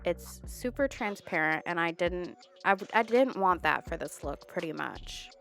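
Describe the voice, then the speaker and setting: A woman's voice: on the low side, expressive, measured pace, creaky, over loud music. A young woman with a congested, stuffy voice, chatting candidly as she narrates her nail art video. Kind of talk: voice-over narration. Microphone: borrowed studio microphone.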